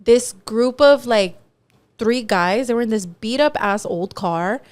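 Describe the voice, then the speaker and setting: Podcast lady telling a story, kinda high voice, all over the place, does little voices for people. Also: measured pace, smooth. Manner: animated storyteller, acts out the other people in her tale. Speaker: podcast co-host. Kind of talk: casual storytelling.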